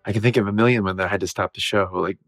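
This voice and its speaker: A man's voice: on the low side, racing, no echo, soft background music. Laughing man telling backstage stories. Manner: animated, laughs often while telling stories. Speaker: guest actor. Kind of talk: casual interview storytelling.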